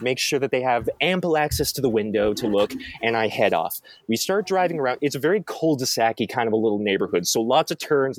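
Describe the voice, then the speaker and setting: A young man telling a story in a casual chat, animated and acting out quoted lines in a raised voice. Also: mid-range voice. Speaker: storyteller guest.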